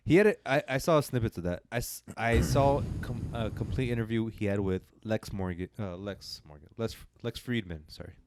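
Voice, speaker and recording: A man's voice: on the low side, moderate pace, few pauses, noisy background. A man co-hosting a podcast, chatting casually and rambling through a long retelling with frequent restarts. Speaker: podcast co-host. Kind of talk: casual chat.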